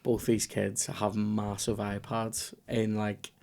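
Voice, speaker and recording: A man's voice: lowish voice, completely flat delivery, takes it slowly, creaky, dark tone. A man in casual comedy podcast chat, telling rambling, sweary anecdotes. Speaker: podcast guest.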